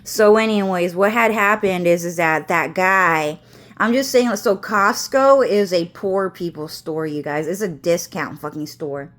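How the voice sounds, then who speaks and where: A woman's voice: on the low side, unhurried, fairly bright tone. A woman vlogging from home, ranting to camera in a rambling, agitated way with constant swearing and repetition.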